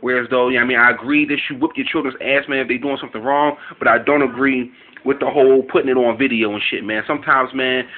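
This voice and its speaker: A man's voice: mid-range voice, fairly even intonation, quick pace, slight background noise. A man ranting casually on camera about a news story, profane and rambling, in loose street talk. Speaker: video commentator. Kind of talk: casual reaction rant. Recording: tinny phone-like audio.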